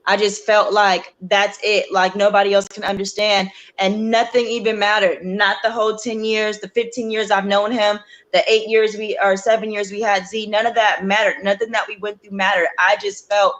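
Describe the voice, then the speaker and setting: A young adult woman, a guest on a talk show, earnestly telling a personal story in a halting way, with many fillers and restarts. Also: medium pitch, little pitch movement, fairly bright tone. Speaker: guest sharing her story.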